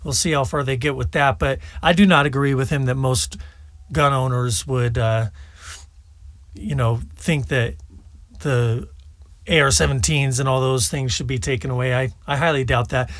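A man's voice: mid-range voice, fairly even intonation, moderate pace, dry recording. A man hosting a political commentary show, talking casually and scornfully between played clips. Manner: scornful, mocking.

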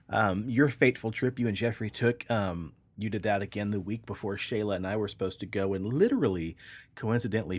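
A man co-hosting a casual podcast, an animated storyteller who laughs easily. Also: fairly low pitch. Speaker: podcast co-host. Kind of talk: casual chat, joke telling.

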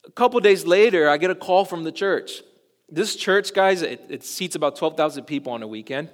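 A young adult man, a pastor, telling a personal story in a casual, animated sermon style and acting out bits of dialogue. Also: fairly high pitch, moderate pace. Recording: long reverb of a large hall.

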